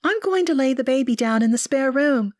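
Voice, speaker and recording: A woman voicing a warm young mother who speaks in a bright, welcoming way. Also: sits high, expressive, fairly quick, dry recording, studio quality, pitched above the performer's own voice.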